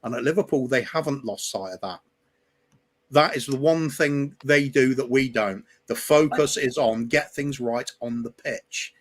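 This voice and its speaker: Male co-host, fan livestream, measured opinions, mid-pitched voice. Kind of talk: casual fan chat.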